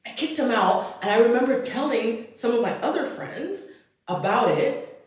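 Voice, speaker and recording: A woman's voice: on the high side, moderate pace. A woman in her forties, co-hosting a casual podcast, telling stories animatedly with lots of "like" fillers. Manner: animated storyteller, heavy "like" filler. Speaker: podcast co-host. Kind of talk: casual chat. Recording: echoey room.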